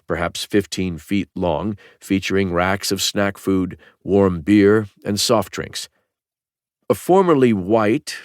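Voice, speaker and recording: A man reading a thriller audiobook in a calm, even manner. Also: sits low, dry recording, clean studio sound. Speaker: audiobook narrator. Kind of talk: scripted narration.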